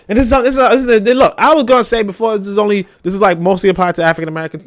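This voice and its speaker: High-voiced animated man commenting. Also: very fast, few pauses. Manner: animated, repetitive restarts, acts out voices mockingly. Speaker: host reading and commenting on a book. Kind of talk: casual commentary on read passages.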